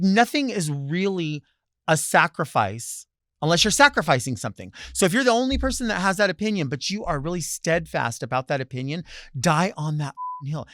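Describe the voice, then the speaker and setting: Man, talk show host, sassy monologue, lively swooping voice, slightly high, dry room. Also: no echo. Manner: sassy, theatrical, swings between loud bursts and low asides. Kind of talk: solo comedic monologue.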